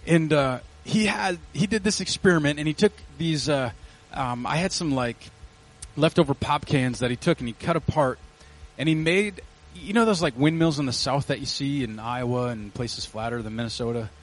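A male pastor, preaching a casual, animated sermon with slang asides into a mic in a church. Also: fairly high pitch, normal speed, rough recording. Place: church sanctuary. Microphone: handheld or headset mic.

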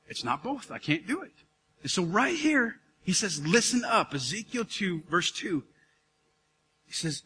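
A man in his thirties preaching a sermon to a congregation, animated and calling out to the crowd. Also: sits high, slight background noise. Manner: animated, calls out to congregation, acts out dialogue. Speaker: pastor. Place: church hall. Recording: live hall recording with reverb.

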